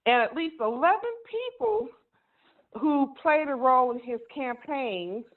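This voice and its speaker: A woman's voice: high voice, animated, a little slow. Woman caller on a tinny phone line. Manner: reads names and details carefully. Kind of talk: reading out a list on a call-in show.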